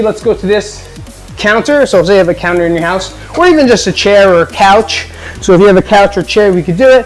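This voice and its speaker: Male fitness coach, high voice, upbeat and joking. Home workout tutorial, faint music behind. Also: rough recording.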